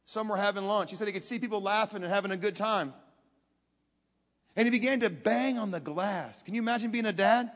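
A man preaching a sermon, telling a story with dramatic swings from hushed to loud and putting questions straight to the audience. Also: high-pitched, a little fast. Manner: talks directly to the audience with questions. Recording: long hall reverb.

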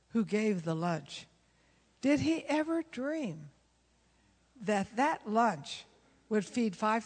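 A woman, a pastor's wife, preaching a sermon and telling stories, acting out the dialogue and often laughing. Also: mid-range voice. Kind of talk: sermon with storytelling. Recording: long reverb of a large hall.

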